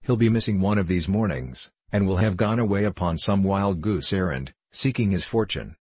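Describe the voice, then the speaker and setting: A jovial older locksmith with a deep, husky voice, read by a man. He teases and spins a story in good humour. The voice sounds dry and close. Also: lively intonation, moderate pace, darkish tone, dry recording. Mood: teasing. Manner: hearty, teasing storyteller.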